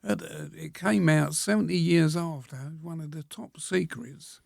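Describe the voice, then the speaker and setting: A very old man around a hundred tells stories in a plain, unhurried way. His voice sits a little high and is gravelly, and it is recorded close and dry. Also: dry recording. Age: 100. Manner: plain-spoken, slow storytelling, frequent pauses and throat-clearing. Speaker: guest, war veteran. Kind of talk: reminiscing interview answers.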